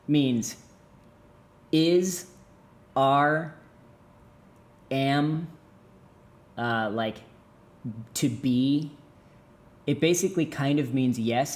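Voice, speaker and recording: Brief: young man, mid-pitched, comic language teacher, playful and exaggerated. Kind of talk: jokey video lesson.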